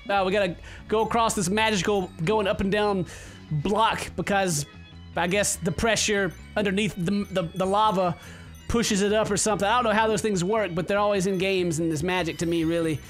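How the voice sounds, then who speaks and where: Man, gaming commentary, excitable, sarcastic, bright tense voice, faint game music behind. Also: high voice, a little fast. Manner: excitable, joking, sarcastic, swears a lot. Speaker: gaming YouTuber. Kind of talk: let's play commentary.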